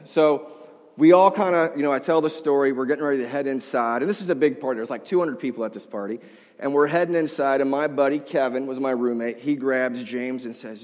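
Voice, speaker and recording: A middle-aged male pastor telling a humorous, self-deprecating story in a sermon to a live audience. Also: mid-range voice. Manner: self-deprecating, humorous, acts out quoted voices. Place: large hall before a live audience. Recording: long hall reverb.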